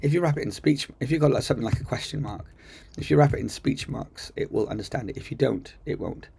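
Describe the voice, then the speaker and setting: Chatty guy doing a coding tutorial on screen, gravelly voice, lots of ums. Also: medium pitch, lively intonation, quick pace, a little mellow. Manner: chatty, enthusiastic, thinks aloud with ums. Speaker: coding teacher. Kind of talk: casual screen-recorded tutorial. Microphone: computer mic while screen recording.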